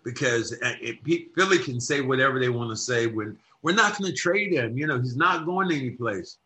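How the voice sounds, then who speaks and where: A man co-hosting a podcast, talking basketball in a casual, emphatic way that turns loud and lively when he argues a point. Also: mid-range voice, normal speed. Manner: emphatic, gets loud and animated when arguing. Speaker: podcast co-host. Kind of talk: casual sports talk.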